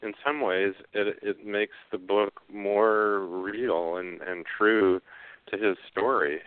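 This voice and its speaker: Deep-voiced man on a phone line. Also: steady tone, clean tone, no echo. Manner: halting, many fillers and restarts. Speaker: author guest. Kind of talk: casual interview talk.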